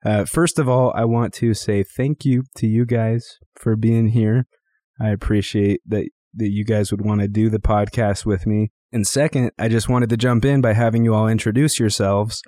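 A man hosts a casual podcast in a low, mellow voice, relaxed and chatty. He speaks close to a dry mic, easygoing as he introduces guests and recounts a story. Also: moderate pace, dry recording. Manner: relaxed, chatty, retells stories with quoted voices. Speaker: podcast host.

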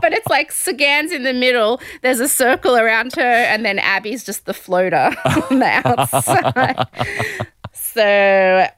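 Animated woman laughing through a TV recap. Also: a little high, unhurried. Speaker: podcast host. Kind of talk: comedic TV recap chat.

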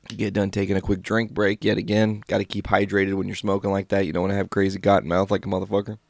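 Stoned, gravelly low-voiced man. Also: completely flat delivery, quick pace, darkish tone, dry recording, clean studio sound. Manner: rambling, laid-back, swearing. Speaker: podcast host. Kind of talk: casual storytelling monologue.

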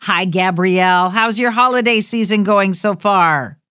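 A woman hosts a call-in radio show in a gentle, consoling voice, speaking to her callers as if they were family. Her pitch sits in the middle of the range. She is recorded dry and close in a studio. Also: unhurried, clean tone, no echo. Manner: warm, consoling, calls callers honey. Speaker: radio host.

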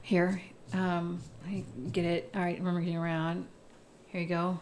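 A woman taking part as a player in a tabletop role-playing game, chatty and expressive. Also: on the low side, normal speed.

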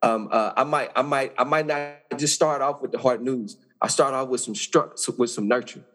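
A man's voice: medium pitch, moderate pace, fairly bright tone, faint music behind. A man who is a judge, talking earnestly as a podcast guest and often repeating words as he builds his point.

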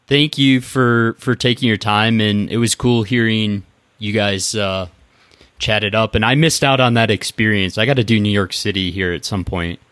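Low-voiced man hosting a podcast. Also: moderate pace, a bit bright, clean tone, no echo. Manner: friendly, loose, fillers. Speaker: podcast host. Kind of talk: casual interview hosting.

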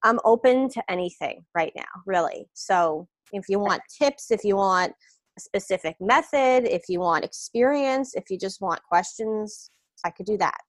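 A woman's voice: medium pitch, expressive, normal speed, no room sound. Easygoing woman guest, dry close sound. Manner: easygoing, rambling, with fillers. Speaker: podcast guest. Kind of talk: casual podcast chat.

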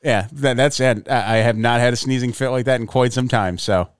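A man's voice: medium pitch, brisk, clean tone. A man co-hosting a podcast in casual chat, laid-back, swearing casually and restarting his sentences. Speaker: podcast co-host.

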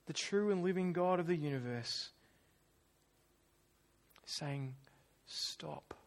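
A man preaching a sermon, animated and acting out quoted voices, then dropping to quiet asides. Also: sits high, a little fast.

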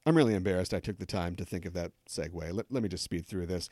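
A man's voice: sits low, fast, a little mellow, no echo. A man hosting a podcast, delivering scripted news commentary with sarcastic, joking asides into a close studio mic. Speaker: podcast host.

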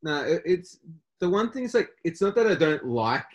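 Halting young man. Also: a little high, sing-song, muffled recording. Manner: halting, many fillers and restarts. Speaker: podcast co-host. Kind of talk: casual chat.

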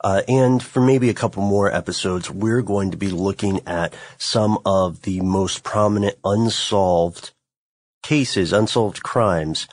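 Deep-voiced man co-hosting a podcast. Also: slow pace, dry recording. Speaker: podcast co-host. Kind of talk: casual chat.

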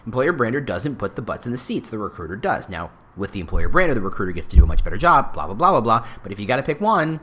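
A middle-aged man talks through a casual solo podcast episode, chatty and rambling, stopping to correct himself and circle back. His pitch swings widely and lively from phrase to phrase. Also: fast, few pauses, breathy edge. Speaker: podcast host.

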